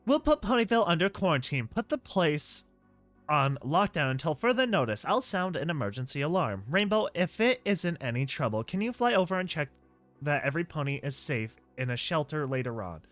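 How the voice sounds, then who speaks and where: A man's voice: on the high side, big pitch swings, brisk, a bit bright, no room sound, soft background music. A man voicing an earnest young female pony princess in a comic dub, who speaks up to take charge.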